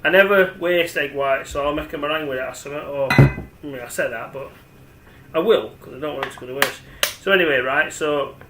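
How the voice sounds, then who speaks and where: Brief: man, forties, slightly high voice, rambling home cooking demo, echoey kitchen with a faint hum. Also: a little fast. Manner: rambling, chatty, talks to the camera as he works. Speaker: home cook. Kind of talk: casual cooking demonstration.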